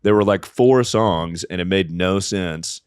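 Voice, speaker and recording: A man's voice: deep voice, unhurried, darkish tone, smooth, no room sound, clean studio sound. A man co-hosting a casual comedy podcast, ranting profanely and breaking into mocking voices. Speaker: podcast co-host.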